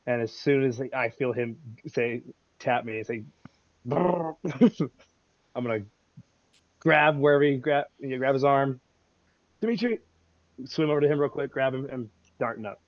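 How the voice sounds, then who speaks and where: A man describing his character's actions at a tabletop game, rambling with plenty of fillers and laughter. His voice is close and dry, a little muffled. He sits at a middling pitch. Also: fairly even intonation, a little fast, dry recording. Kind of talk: casual in-character game chat.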